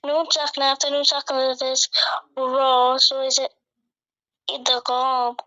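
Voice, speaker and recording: High flat woman voice, student reciting, hesitant answers, dull lo-fi sound. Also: slow pace. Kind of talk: reciting for a teacher. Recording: dull lo-fi audio.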